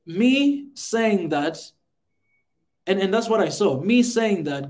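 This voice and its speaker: A man's voice: high voice, animated, takes it slowly, darkish tone. A man, speaking fervently on a podcast and repeating phrases for emphasis. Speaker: podcast host. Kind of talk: impassioned podcast monologue.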